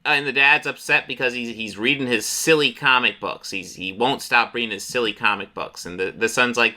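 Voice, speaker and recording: A man's voice: medium pitch, bright, forceful tone. A man casually recapping comic book stories, rambling and profane, briefly acting out the characters. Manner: rambling, profane, acts out characters in quick voices.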